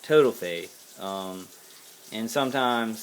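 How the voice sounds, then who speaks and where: A man's voice: fairly low pitch, normal speed, a bit bright, slight background noise. An American man giving a casual to-camera monologue as a vlogger, angry, profane and rambling with many fillers and restarts. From United States.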